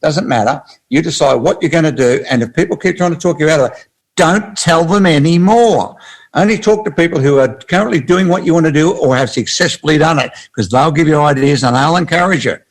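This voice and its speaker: A man's voice: a little high, fairly quick, rough recording. An older man, a guest author speaking emphatically and often cutting in to correct his partner. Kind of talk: animated interview talk.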